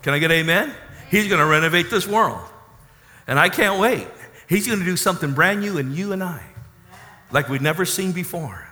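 Lively high-voiced preacher man in a hall. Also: normal speed. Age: 30s. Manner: emphatic preaching with call-and-response asides. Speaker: pastor. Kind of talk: sermon.

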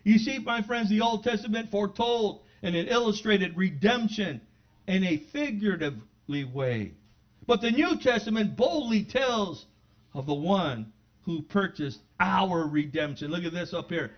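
Preaching unhurriedly with lively intonation, a pastor with a high voice alternates between casual asides and loud, impassioned declarations as he gives a sermon in his church sanctuary. The audio is dull and low-fidelity, with a muffled top end.

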